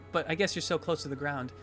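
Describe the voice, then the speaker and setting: A man's voice: on the high side, animated, brisk, over music, natural voice. A man voicing a tall, sneering schoolgirl bully who talks down in a mocking way. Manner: mocking, condescending.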